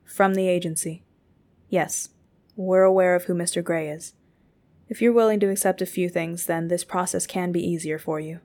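A woman voicing a calm, polite male agent who speaks in a measured, formal way in an audiobook. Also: lowish voice, close to an everyday voice.

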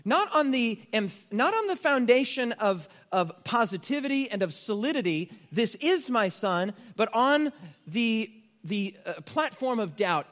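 A male pastor, delivering a sermon in a fairly high voice. He leans hard into key words and drops in wry, conversational jokes. The sound carries a long reverb from the church hall. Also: sing-song, a little slow, a bit bright. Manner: emphatic, rising to stress key words; conversational asides with humor.

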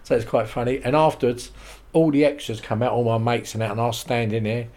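A man, a podcast guest telling lively showbiz stories and quoting the people in them. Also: medium pitch, quick pace. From England. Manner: animated anecdotes with quoted voices and laughs. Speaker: interview guest. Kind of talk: casual storytelling.

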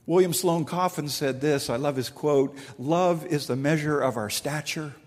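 High-voiced man preaching in a big hall. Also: moderate pace, darkish tone. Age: middle-aged. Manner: storytelling, acts out dialogue with rising emphasis. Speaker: pastor. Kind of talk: sermon.

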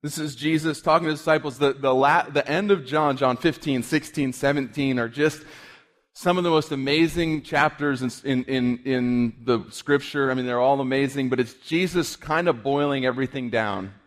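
A man's voice: medium pitch, long reverb tail. Conversational male pastor preaching. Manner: conversational, halting restarts. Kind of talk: sermon with prayer.

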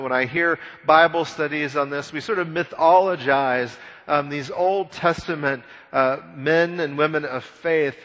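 A man gives a conversational sermon, retelling an old story with animated emphasis and often repeating his words. His voice sits fairly high and sounds bright and forceful. A long reverb trails behind him, as in a large hall. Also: highs cut off. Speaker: pastor.

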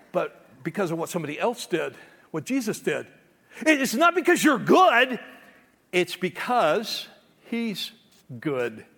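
A man's voice: high voice, a bit bright, slightly rough, long reverb tail. A man preaching a sermon as pastor, emphatic and conversational, often restarting his words.

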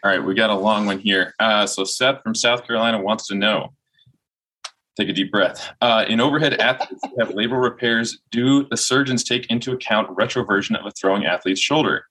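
A man's voice: fairly low pitch, a little fast, sharp tone, poor audio. A man reading out a long listener question on a podcast panel.

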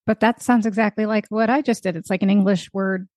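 A woman's voice: medium pitch, fairly quick, no echo, studio quality. Easygoing woman podcast co-host reading aloud. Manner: easygoing, playful, reads at a steady pace. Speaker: podcast co-host, nurse midwife. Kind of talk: casual chat and reading a listener letter aloud.

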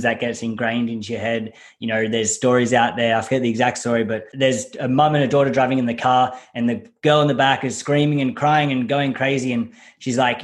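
Aussie guy on a podcast with his partner, earnest, explains stuff, average pitch. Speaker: podcast co-host. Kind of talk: casual podcast chat.

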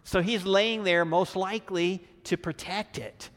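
Male pastor, unhurried casual Bible teaching, reverberant hall sound. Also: high voice. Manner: relaxed, casual, acts out the characters' lines.

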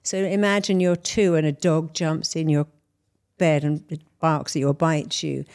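A woman's voice: deep voice, steady tone, moderate pace, darkish tone. A middle-aged woman therapist answering interview questions, explaining her method through examples and analogies. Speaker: therapist and hypnotist guest.

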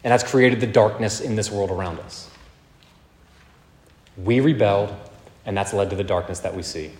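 Pastor, thirties, emphatic sermon voice, recorded in a roomy church hall. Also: male voice, fairly low pitch, normal speed, a little mellow. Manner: earnest, emphatic preaching with swings in volume. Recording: echoey hall, long reverb.

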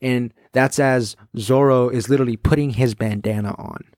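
Excited man hosting a solo podcast. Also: medium pitch, normal speed, no room sound, clean studio sound. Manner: excited, loose, full of fillers and quoted asides. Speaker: podcast host. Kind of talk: casual solo podcast chat.

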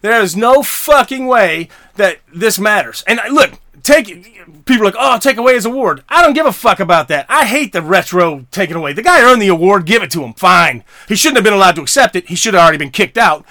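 A man's voice: high-pitched, expressive, brisk, bright, forceful tone, no room sound, clean studio sound. A middle-aged man hosting a podcast, ranting angrily with heavy swearing and stammering restarts. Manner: profane, heated, stammering restarts. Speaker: podcast host. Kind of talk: angry solo rant.

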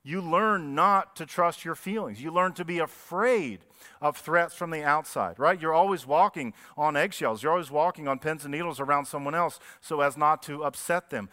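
Pastor, male, crisp bright voice, chatty sermon delivery that keeps asking questions of the room. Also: fairly high pitch, normal speed. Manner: conversational, asks the congregation questions. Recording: long reverb of a church hall.

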